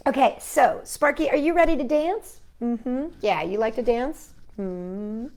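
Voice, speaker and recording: A woman hosting a children's storytime, reading a picture book aloud in a gentle, animated way with sound effects. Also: a little high, a little slow.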